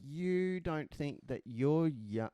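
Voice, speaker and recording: Lively man, mellow voice. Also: a little high, takes it slowly, dry recording. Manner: rambling, stumbling restarts, jokey. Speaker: podcast co-host. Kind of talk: casual comedic chat.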